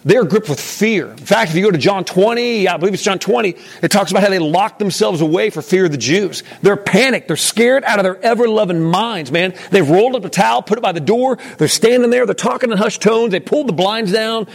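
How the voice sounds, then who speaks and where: A man's voice: high voice, fairly quick, creaky, hardly any pauses. A man leading an interactive Bible lesson, talking casually and putting questions to the room. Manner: conversational, asks the room questions. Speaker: teacher leading a Bible study.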